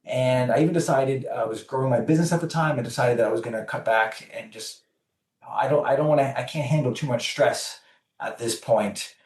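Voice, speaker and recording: A man's voice: medium pitch, brisk, echoey room, distant mic. A man telling a personal story as a podcast guest, acting out the voices of the people in it. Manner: animated storyteller acting out dialogue. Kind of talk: storytelling in an interview.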